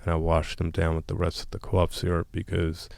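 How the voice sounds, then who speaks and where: Deep gravelly guy telling his story, blunt, keeps restarting, dry sound. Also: monotone, brisk, a little mellow, no echo. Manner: blunt, emotional, with frequent restarts and quoted dialogue. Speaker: guest. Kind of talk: candid storytelling in a podcast interview.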